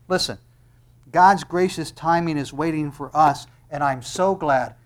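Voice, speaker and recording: A man preaching a sermon, swinging between loud emphatic declarations and hushed tender lines, often asking rhetorical questions. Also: on the high side, moderate pace. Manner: asks the audience rhetorical questions.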